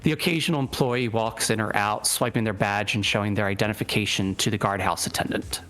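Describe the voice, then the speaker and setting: A man's voice: lowish voice, fairly even intonation, fairly quick, a bit bright, faint music behind. A man narrating a tabletop game as game master, describing scenes and making friendly rulings.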